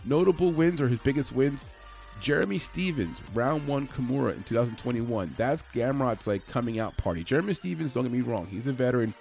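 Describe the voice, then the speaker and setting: A man's voice: mid-range voice, animated, brisk, creaky, darkish tone, faint music behind. A man giving a casual, conversational breakdown of an upcoming fight, with frequent fillers and restarts. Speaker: MMA fight analyst.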